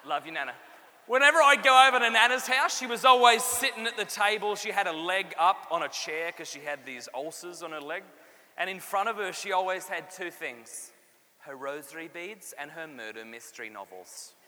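A man's voice: high voice, moderate pace. A man, giving a humorous faith testimony to a live audience and acting out the characters. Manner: animated storyteller, acts out voices and jokes. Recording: long hall reverb, faint room noise.

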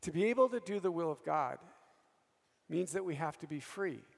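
A man's voice: a little high, expressive, normal speed, creaky, in a large hall. A priest in his fifties preaching a sermon, telling personal stories and calling to the audience for an "Amen?". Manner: storytelling, calls for "Amen?" from the audience.

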